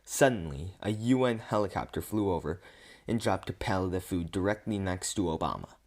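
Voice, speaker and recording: A man reading an absurd comic story aloud in a deadpan way, often stumbling and restarting words. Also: deep voice, fairly quick.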